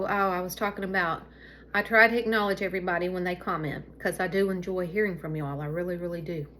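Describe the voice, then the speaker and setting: A woman's voice: mid-range voice, a bit bright, slight background noise. A middle-aged woman from Alabama with a Southern accent, chatting casually to viewers at home, rambling and easily sidetracked. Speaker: vlogger.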